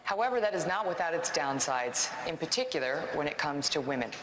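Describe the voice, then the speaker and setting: A debate moderator asks measured, pointed questions in a formal broadcast style. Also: mid-range voice, animated. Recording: archived broadcast debate audio with a loud crowd. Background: loud audience and hall noise.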